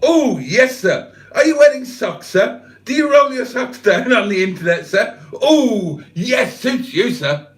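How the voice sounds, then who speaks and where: A man's voice: very high-pitched, very animated, voice pushed up, full character voice. A man putting on the voice of a leering middle-aged male tailor who drags out every "sir" with suggestive relish. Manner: sly, suggestive, drawn-out sirs.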